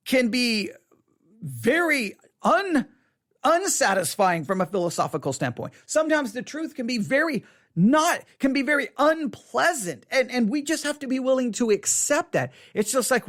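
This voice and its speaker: A pastor teaching to camera in an animated, emphatic way, leaning hard on key words. The voice sits at a middle pitch and moves up and down widely. Phrases get repeated and broken up by quick acted-out asides. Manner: repeats words and acts out quick mock quotes.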